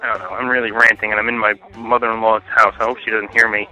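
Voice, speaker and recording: Fast, ranting man on a voicemail. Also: lowish voice, flat delivery, pushed and bright, lo-fi sound. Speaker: caller leaving a voicemail. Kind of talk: angry phone rant.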